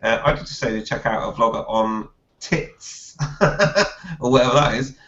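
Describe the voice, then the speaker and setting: A man hosting a casual live chat, reading viewer comments aloud haltingly and laughing often. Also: medium pitch, fairly even intonation, a bit bright. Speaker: host reading viewer questions. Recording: roomy, dull lo-fi live stream audio.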